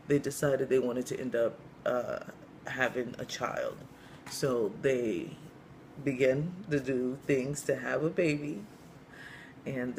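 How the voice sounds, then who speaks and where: A man telling a long story joke in a casual, rambling way, with lots of you-knows and pauses. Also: mid-range voice, vocal fry, a little mellow, a little hiss or hum. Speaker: comedian storyteller.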